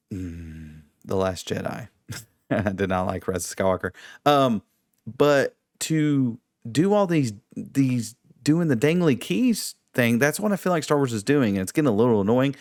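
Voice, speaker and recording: A man co-hosting a casual review chat, animated and mocking, slipping into impressions. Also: mid-range voice, no room sound, studio quality. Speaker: podcast co-host.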